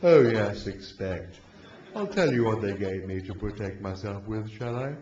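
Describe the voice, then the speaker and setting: Gloomy male robot, low and dragging, deadpan, voiced by a male reader; echoey hall. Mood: mournful. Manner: slow, deadpan, mournful delivery. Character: gloomy, depressed male robot, slow and weary. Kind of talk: live story reading. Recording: echoey hall, dull muffled sound, noisy.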